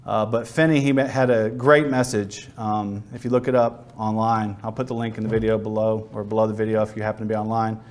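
A man's voice: on the low side, flat delivery, a little fast, hardly any pauses, a little mellow. A man preaching a sermon who tells Bible ideas as vivid, acted-out stories. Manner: vivid storytelling, acts out scenes.

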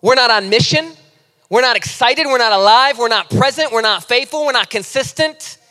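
A man in his thirties preaching a sermon as a pastor, impassioned, swinging between loud urgent pleading and low, intimate asides. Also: normal speed. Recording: long hall reverb.

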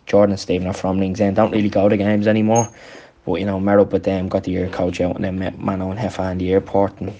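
Deep, flat young man. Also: quick pace, lo-fi sound. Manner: rambling, lots of ums. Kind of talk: casual storytelling chat.

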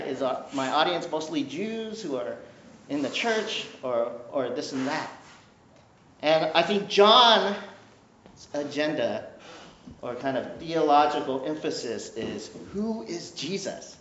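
A male pastor with a fairly high voice preaches a sermon in a conversational, animated, playful style, joking with the congregation and repeatedly checking in with "right?" The room is echoey, and the dull lo-fi recording carries a little hiss or hum.

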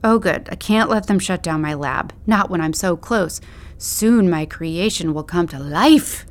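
A woman's voice: lowish voice, normal speed, natural voice. A woman voicing a playful, theatrical young man who talks in a mock-grand, teasing way.

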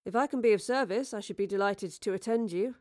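A woman voicing a pleasant, courtly male Elizabethan playwright who speaks gently, in a storybook reading. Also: mid-range voice, fast, natural voice.

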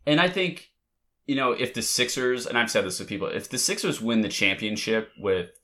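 A man's voice: mid-range voice, fairly quick, bright, forceful tone. A man in casual conversation, telling an emotional, rambling story with many restarts. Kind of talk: casual chat.

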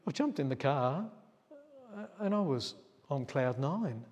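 Man, pastor, chatty storytelling sermon, medium pitch, long hall reverb. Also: very animated, a little slow, darkish tone, slightly rough. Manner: chatty, acts out quotes, laughs at himself.

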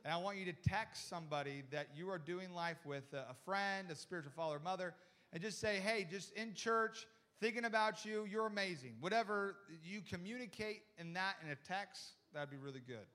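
High-voiced animated pastor man. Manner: animated, quotes people in quick voices, many restarts. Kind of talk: sermon storytelling.

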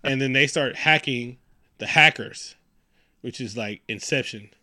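Casting: male podcast co-host, lively and crude, bright forceful voice, dry close sound. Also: mid-range voice, unhurried, dry recording. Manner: animated, profane, acts out quotes in silly voices. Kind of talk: casual movie recap chat.

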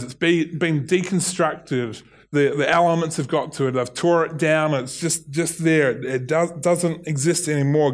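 A middle-aged man with a New Zealand accent preaching a sermon, earnest, often restarting and repeating his words. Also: fairly high pitch. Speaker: pastor.

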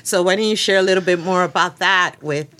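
Woman, podcast host, lowish pitch, chatty, upbeat, headset mic. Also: fairly quick, a bit bright. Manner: enthusiastic, chatty, laughs easily. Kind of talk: podcast interview conversation.

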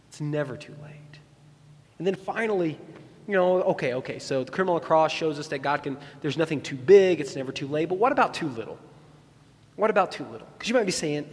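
A man delivers a sermon in a fairly high voice, moving between lively acted-out quotes and repeated key lines. His voice carries a long reverb, as if in a large room. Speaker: pastor.

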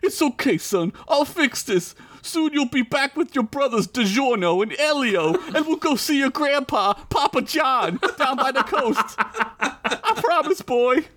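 A man's voice: very high-pitched, lively intonation, unhurried, fairly bright tone, voice pushed up, heavily acted. A man voicing a desperate male debtor and father who pleads and stammers under threat. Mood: strained.

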